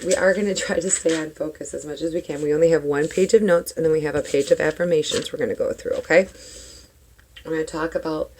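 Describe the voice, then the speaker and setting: An older woman with a slightly rough morning voice, chatting casually at home on camera as a spiritual tarot vlogger, rambling with lots of fillers. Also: on the low side. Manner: rambling, warm-hearted babble with fillers.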